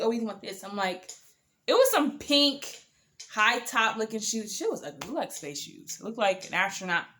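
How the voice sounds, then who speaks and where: A young woman casually telling a dating story to camera, animated and sassy, swearing freely. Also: medium pitch, slight background noise.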